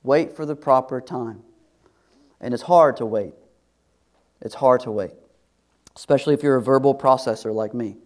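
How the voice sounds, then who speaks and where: A middle-aged pastor delivers a sermon to his congregation in a conversational style, now and then lowering into a soft, confiding tone. His voice is mid-range, his pace moderate, and he leaves long pauses.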